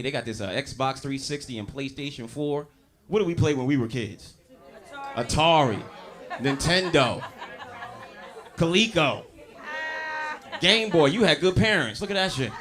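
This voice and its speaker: A man's voice: mid-range voice, fairly bright tone. A man doing a stand-up comedy set on stage, brash and profane, talking straight to the crowd with audience laughter behind him.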